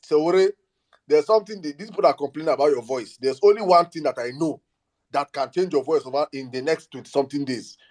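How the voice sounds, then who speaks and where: A man's voice: on the high side, quick pace, a little mellow. A Nigerian man with a Nigerian accent hosting a casual political chat, laughing and cutting in, mixing Pidgin with English. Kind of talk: casual political chat in a live audio space.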